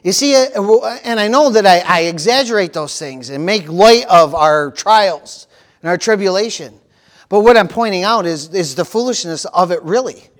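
Male pastor, very high-pitched voice, animated sermon delivery with comic panicked voices. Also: normal speed. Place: church.

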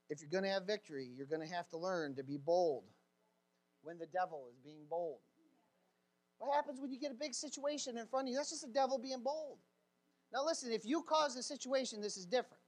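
A man delivers a sermon with a folksy, fiery energy, breaking into shouts and laughter as he goes. His voice sits very high for a man. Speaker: pastor.

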